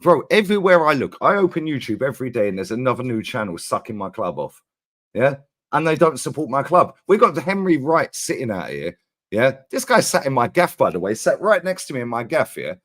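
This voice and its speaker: A man's voice: medium pitch, sing-song, a little fast, fairly bright tone. A man arguing heatedly about football, interrupting, repeating words and using slang. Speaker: guest Arsenal fan.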